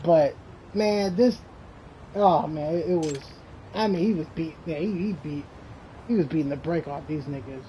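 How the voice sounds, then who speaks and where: A game streamer chatting casually and telling stories in an animated, rambling way, with lots of slang and swearing. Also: medium pitch, normal speed, slight background noise, poor audio. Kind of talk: casual chat while streaming.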